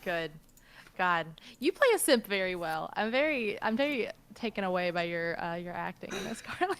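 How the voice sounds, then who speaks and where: A woman's voice: a little high, clean tone. A woman narrating a tabletop game as game master, describing scenes loosely with plenty of fillers.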